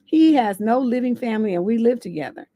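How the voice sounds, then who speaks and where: A woman's voice: on the high side, lively intonation, fairly quick, mellow, no echo. Blunt, profane woman advice coach. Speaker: relationship coach and host. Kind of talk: livestream advice show.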